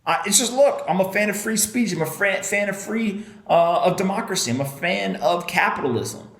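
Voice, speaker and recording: A man's voice: sits high, moderate pace, vocal fry, fairly bright tone. A man co-hosting a casual podcast, bantering playfully and sometimes mock-lecturing. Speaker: podcast co-host. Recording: roomy echo.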